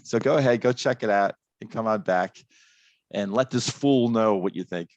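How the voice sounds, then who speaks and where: A man's voice: on the low side, normal speed, a little mellow, no echo, lo-fi sound. A man in his fifties co-hosting a music reaction show, chatting casually, teasing his partner and laughing often. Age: 50s. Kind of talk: casual chat.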